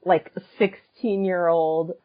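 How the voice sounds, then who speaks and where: Lively low-voiced woman telling a story. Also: slow pace, lo-fi sound. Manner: animated, laughs often, many fillers. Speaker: podcast co-host and musician. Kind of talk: casual storytelling chat.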